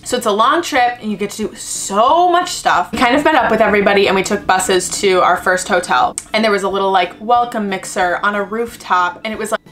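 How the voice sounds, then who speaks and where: Chatty young woman telling a travel story. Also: mid-range voice. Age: 20s. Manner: chatty, animated, acts out quoted voices, frequent "like". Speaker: travel vlogger. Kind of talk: casual storytelling.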